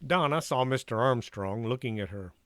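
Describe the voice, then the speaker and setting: Male storyteller, animated, expressive read-aloud; dry, close mic. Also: medium pitch, normal speed, dry recording.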